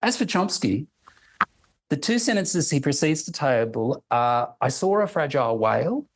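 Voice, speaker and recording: A man reading a prepared academic lecture in a measured, deliberate way, slowing to sound out example phrases. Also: mid-range voice, sing-song, rough recording.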